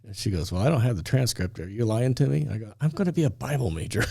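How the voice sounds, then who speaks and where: Animated storytelling man, mellow voice. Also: mid-range voice, fast talker, creaky, breathy edge, no room sound, studio quality. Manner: animated storyteller, acts out dialogue, laughs often. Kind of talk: storytelling on a faith talk show.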